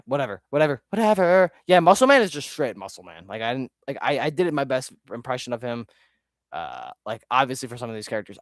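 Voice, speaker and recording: A man's voice: mid-range voice, dry recording, clean studio sound. A man chatting casually on a live stream while ranking his own videos, rambling, easily sidetracked and swearing often.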